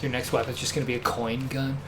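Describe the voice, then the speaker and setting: A man's voice: mid-range voice, level tone, fast talker, slight background noise. A man co-hosting a let's play, chatting in a teasing, laid-back way. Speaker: co-host. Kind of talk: casual gameplay chat.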